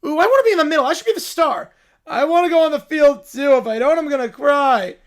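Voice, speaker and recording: A man's voice: extremely high pitch, fast, pitched above the performer's own voice. A man voicing a spoiled, bratty child who thinks he is royalty, whining and petulant. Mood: whiny. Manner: whiny, petulant.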